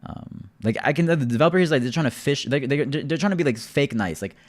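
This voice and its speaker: A man's voice: medium pitch, fast talker. A young man streaming, talking casually to his chat in an exasperated, rambling rant full of filler words. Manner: exasperated, rambling, peppered with "bro" and "like".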